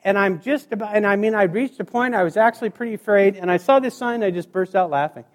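High-voiced joking male speaker. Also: fast. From Montana, USA. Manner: joking, acts out stories with sound effects. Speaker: motivational speaker. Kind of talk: humorous keynote speech. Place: stage before a live audience.

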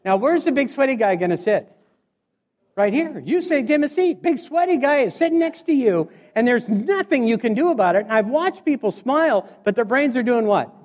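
A man doing storytelling stand-up comedy, animated and acting out the people in his stories. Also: high-pitched. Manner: animated, acts out voices and scenes. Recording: reverberant hall.

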